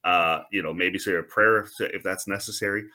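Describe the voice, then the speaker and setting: A man in his thirties hosts an interview in a very low, bright-toned voice. He jokes easily and stumbles his way into questions. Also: fairly even intonation. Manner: joking, halting questions. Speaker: podcast host. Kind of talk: interview conversation.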